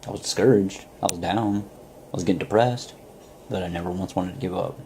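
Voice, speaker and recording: Man, deep, dark gravelly voice, earnest motivational storyteller, faint background noise. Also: a little fast. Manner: earnest, storytelling, many fillers. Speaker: network marketer. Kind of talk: motivational talk to camera.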